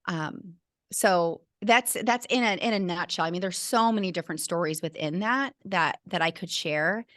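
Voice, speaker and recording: Earnest, bright-voiced woman telling her story. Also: fairly low pitch, normal speed, no room sound, studio quality. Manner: earnest, emotional, with many restarts. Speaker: guest, teacher and burnout coach. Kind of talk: candid personal storytelling.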